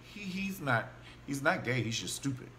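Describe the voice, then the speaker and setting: A man recaps a TV drama in a loose, gossipy way, often slipping into the characters' voices. His pitch swings widely as he talks. A faint hiss sits under the recording. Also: normal speed. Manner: animated and gossipy, acts out quotes of characters. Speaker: TV show reviewer. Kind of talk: casual recap and commentary.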